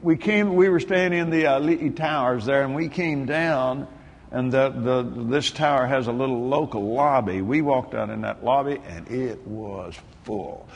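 A man preaching a sermon, telling a story in an animated way that bursts into shouts and laughter. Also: medium pitch, a little slow, long reverb tail.

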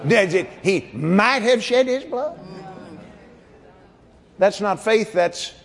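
A man preaching a fervent sermon, shouting and laughing as he goes. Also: high voice, lively intonation, takes it slowly, vocal fry. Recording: reverberant hall with a crowd.

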